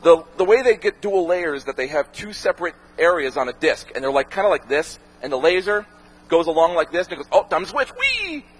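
A man, a documentary filmmaker, talking casually to an audience and answering questions, animated and profane, acting out the voices he quotes. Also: fairly high pitch, fairly quick, husky, low-quality recording. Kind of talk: casual talk with Q&A.

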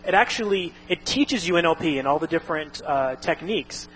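A man's voice: fairly high pitch, expressive, brisk, fairly bright tone, a little hiss or hum, rough recording. A man casually explaining a topic, rambling with frequent restarts and fillers. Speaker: instructor.

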